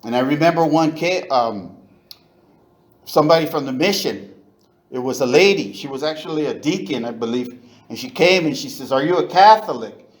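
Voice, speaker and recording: A man's voice: mid-range voice, animated, normal speed, poor audio. A middle-aged man from East Los Angeles, sharing his story candidly at a recovery meeting. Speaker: AA meeting speaker.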